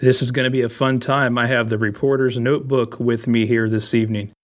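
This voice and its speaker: A man's voice: mid-range voice, little pitch movement, fairly quick. A man hosting his own podcast, talking in a casual, chatty and enthusiastic way. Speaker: podcast host.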